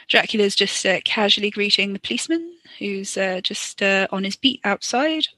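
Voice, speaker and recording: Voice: medium pitch, animated, normal speed, sharp tone, dry recording. A podcaster giving chatty, joking improvised commentary over an old film. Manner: chatty, joking, many fillers.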